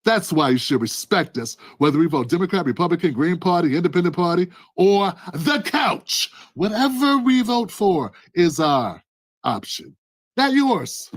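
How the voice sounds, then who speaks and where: A man giving impassioned political commentary, preachy and emphatic, rising to shouts. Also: sits high, dry recording.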